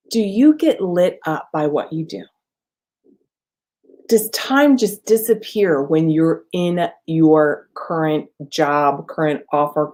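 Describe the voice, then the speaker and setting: A middle-aged woman business coach talks straight to camera with a mid-pitched voice. Her delivery is energetic and emphatic. She stays casual and lets a mild swear word slip now and then. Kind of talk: motivational talk to camera.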